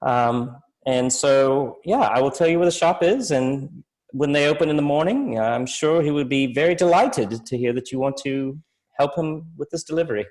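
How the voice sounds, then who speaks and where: A polite, talkative halfling musician from a tabletop game rambles on with plenty of hesitant fillers, as a man puts him on. His voice sits in an ordinary middle pitch. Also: moderate pace, a little mellow, natural voice, rough recording. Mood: friendly, chatty. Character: chatty male halfling musician, polite and gossipy.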